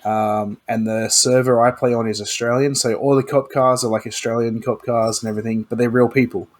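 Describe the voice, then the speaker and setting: A man's voice: mid-range voice, steady tone, a little fast. A man co-hosting a podcast, talking in an easygoing way with many likes and ums. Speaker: podcast co-host. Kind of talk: casual chat.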